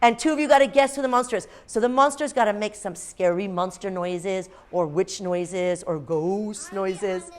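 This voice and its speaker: A woman teacher reading aloud and leading games in a classroom, lively and expressive with playful gasps. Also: medium pitch, moderate pace, hardly any pauses.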